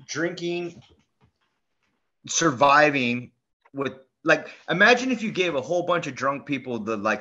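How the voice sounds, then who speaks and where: A man co-hosting a podcast in casual chat, telling stories in a rambling, animated way full of fillers and restarts. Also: mid-range voice. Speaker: podcast co-host. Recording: dull lo-fi sound.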